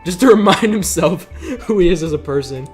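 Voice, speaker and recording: A man's voice: sits high, expressive, normal speed, soft background music. Jokey young man reading a visual novel. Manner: jokey, laughing asides between read lines. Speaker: let's play host.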